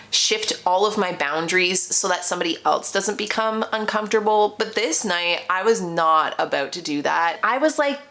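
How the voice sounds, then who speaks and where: A young adult woman telling a personal dating story to her viewers. Her talk is casual and animated, full of fillers and quick self-corrections. She sounds like she is chatting with a friend. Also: medium pitch. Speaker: vlogger.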